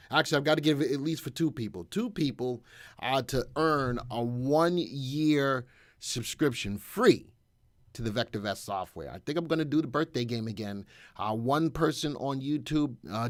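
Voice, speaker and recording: A man's voice: medium pitch, no echo. Man, middle-aged, live-stream market host, upbeat, jokey, dry close sound. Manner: upbeat, joking, greets viewers by name.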